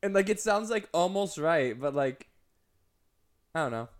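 A young woman co-hosting a casual podcast, teasing and animated, telling stories with quoted voices. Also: on the low side, measured pace. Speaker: podcast co-host. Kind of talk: casual chat.

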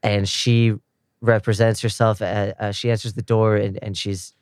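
A man with a lowish, smooth, clear voice loosely retells the plot of an episode. He drifts in and out of the characters' lines as he goes. The sound is dry and close, with no room around it. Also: little pitch movement, moderate pace, no room sound. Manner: loose storytelling, slipping into characters' quoted lines. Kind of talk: casual plot recap.

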